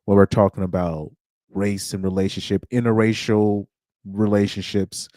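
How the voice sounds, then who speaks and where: Low-voiced man hosting a casual stream. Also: flat delivery, moderate pace, a little mellow, no room sound, clean studio sound. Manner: rambling, with frequent restarts and chuckles. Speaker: livestream host. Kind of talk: casual livestream chat.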